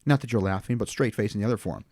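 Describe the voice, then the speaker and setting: A man's voice: on the low side, racing, a little mellow, dry recording, studio quality. A man, a funeral home owner, chatting casually on a podcast and telling rambling stories with plenty of swearing. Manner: profane, rambling storyteller.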